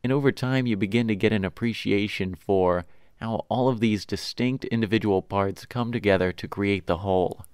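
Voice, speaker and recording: A man co-hosting a podcast, speaking in a measured, explanatory way in casual chat. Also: on the low side, a little mellow, smooth, dry recording, clean studio sound. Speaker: podcast co-host.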